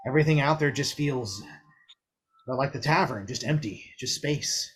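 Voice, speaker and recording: A weary, frightened adventurer, voiced by a man, speaks low and hesitant, stumbling over his words. The voice is soft and husky. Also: moderate pace, natural voice. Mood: scared. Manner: hesitant, stammering, quiet.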